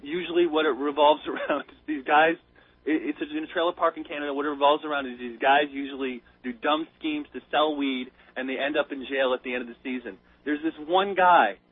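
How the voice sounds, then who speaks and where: Excitable man on a tinny phone line. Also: a little high, husky, dry recording. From United States. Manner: excited rambling storyteller, stumbles over words. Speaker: caller. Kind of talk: casual chat.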